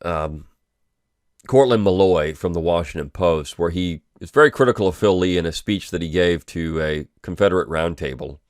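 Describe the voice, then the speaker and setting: Deep-voiced man in dry casual commentary. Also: moderate pace, dry recording. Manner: loose and conversational, with frequent ums and restarts. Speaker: host of a weekly review podcast.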